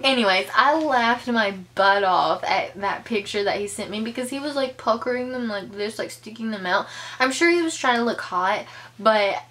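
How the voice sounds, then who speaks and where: On her vlog, a young woman relates a casual story, heavy on fillers, voicing quoted lines with dramatic pitch jumps. Her speed is normal and her tone is fairly bright.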